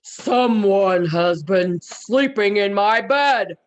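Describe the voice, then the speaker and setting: A woman voicing a great big father bear in a slow, booming voice. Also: lo-fi sound. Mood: gruff.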